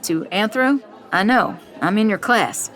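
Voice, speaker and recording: A man's voice: high-pitched, animated, a little slow, bright, forceful tone, a faint crowd, exaggerated voice. A woman voicing a friendly young male college classmate who talks in an easygoing, concerned way. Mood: teasing.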